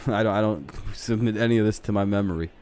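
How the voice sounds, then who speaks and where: A man's voice: on the low side, fairly quick, a little mellow, a little hiss or hum. A man hosting a live stream, chatting casually and profanely in a rambling, self-deprecating way while a game plays. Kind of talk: casual chat over a game broadcast.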